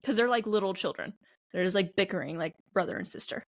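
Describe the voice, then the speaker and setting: A woman's voice: medium pitch, fast, no echo. A woman with a mid-range voice co-hosts an anime podcast, recorded close and dry. She rambles casually, stringing thoughts together with plenty of filler words. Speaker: podcast co-host.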